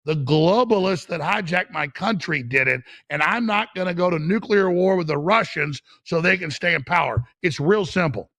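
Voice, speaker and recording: Fiery gravelly middle-aged man. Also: high-pitched, expressive, normal speed, hardly any pauses, a bit bright, no room sound. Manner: fiery, stammering restarts. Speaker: guest. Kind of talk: impassioned political talk.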